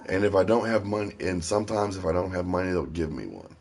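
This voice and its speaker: A man's voice: deep voice, fast, a little mellow. A man from Ohio telling rambling personal stories in a casual, profane way. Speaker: stream host. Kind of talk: casual storytelling.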